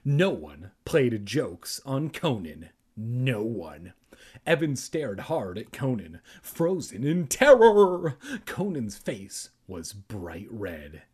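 A man's voice: on the low side, big pitch swings, slow pace, darkish tone, husky. A young adult man reading a children's book aloud on a podcast, breaking off for jokey, self-deprecating asides.

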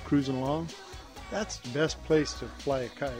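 A man co-hosting a podcast, telling animated stories and bursting into loud impressions. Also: mid-range voice, normal speed, over music. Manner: animated anecdotes, shouted impressions. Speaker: podcast co-host. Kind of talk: casual podcast storytelling.

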